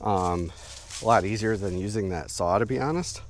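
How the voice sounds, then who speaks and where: Low-voiced man testing a knife outdoors. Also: normal speed, slight background noise. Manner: relaxed, rambling, many "um"s. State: a bit out of breath. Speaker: outdoor gear reviewer. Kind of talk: casual outdoor gear test narration. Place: outdoors in woods.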